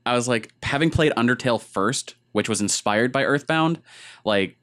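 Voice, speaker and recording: A man's voice: medium pitch, animated, moderate pace, fairly bright tone. A man co-hosting a casual gaming podcast, rambling through stories and acting out what other people said. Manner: rambling storyteller who acts out other people's lines. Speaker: podcast co-host.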